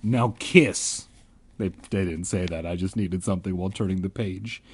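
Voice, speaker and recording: Husky man reading with sarcastic asides. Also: low voice, fairly even intonation, brisk, dark tone. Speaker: comedic audiobook reader. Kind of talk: mock reading of a kids' book with jokey asides.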